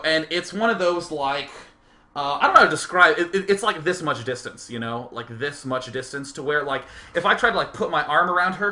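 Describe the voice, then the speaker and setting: A man telling funny stories as a show host, animated, laughing often and slipping into silly voices. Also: a little high. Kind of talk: casual comedic storytelling.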